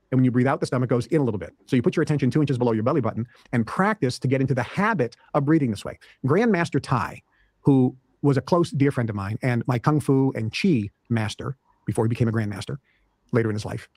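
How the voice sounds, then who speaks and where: Guy rattling off health tips fast and emphatic, repeats himself a lot, dry close sound. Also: medium pitch, animated, darkish tone, dry recording. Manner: brisk, emphatic and repetitive. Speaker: guest teacher. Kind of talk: instructional talk on health and mind.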